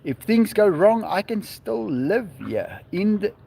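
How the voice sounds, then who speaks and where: A man chats slowly and easily on a live stream, reading out viewer comments and replying. His voice sits high, with a lively, rising and falling melody. He talks from outdoors at his home. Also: slight background noise. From South Africa. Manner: reads viewer comments aloud and answers them. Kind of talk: casual live-stream chat.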